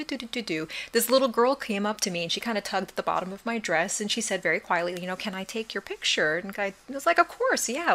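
A woman co-hosting a casual chat, bubbly and quick to laugh. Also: on the low side, a bit bright. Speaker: podcast co-host. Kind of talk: casual chat about cosplay.

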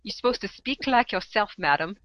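Woman podcast co-host, giggly, quick jokes, bright tone, dry lo-fi sound. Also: medium pitch, lively intonation, no room sound. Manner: giggly, joking asides. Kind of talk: casual podcast chat. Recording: dull lo-fi dry audio.

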